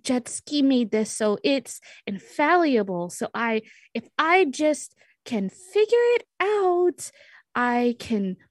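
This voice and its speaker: A woman's voice: a little high, huge pitch swings, husky, dry recording, clean studio sound, exaggerated voice. Woman doing a woman muttering over a gadget. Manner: slow, thinking aloud in a hushed voice.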